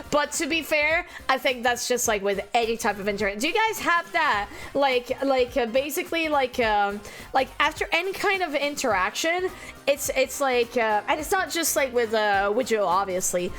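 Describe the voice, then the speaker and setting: A woman's voice: sits high, expressive, normal speed, fairly bright tone, soft background music. A young adult woman streaming and chatting casually, rambling and giggling often while teary and emotional. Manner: giggly, rambling, self-deprecating.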